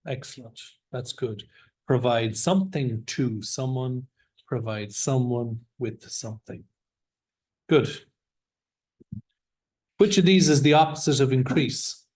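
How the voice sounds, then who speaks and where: A man leads an English vocabulary class at an unhurried pace, taking his time over each word. He encourages the students and has them repeat words after him, speaking at a middling pitch. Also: darkish tone. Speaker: English teacher.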